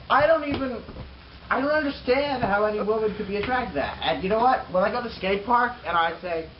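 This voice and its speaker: Man doing a brash scooter star, swooping lively voice, crude rambling brags, dull lo-fi home video. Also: sits high, a little hiss or hum. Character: cocky boastful male pro scooter rider. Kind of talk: mock interview comedy sketch.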